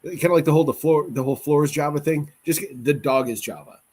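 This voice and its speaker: A man's voice: a little high, quick pace, a little mellow, slightly rough. A man hosting a casual podcast chat, opinionated and joking, often restarting his sentences.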